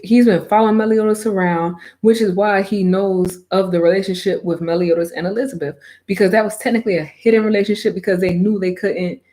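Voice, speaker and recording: A woman reviews an anime in a casual vlog. She is animated and emphatic and drops slang freely. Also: mid-range voice.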